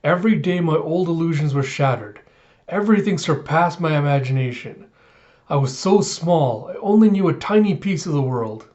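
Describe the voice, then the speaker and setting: A man's voice: a little high, animated, moderate pace, darkish tone, lo-fi sound, natural voice. A man reading the lines of a bold, adventurous young samurai in a comic. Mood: earnest.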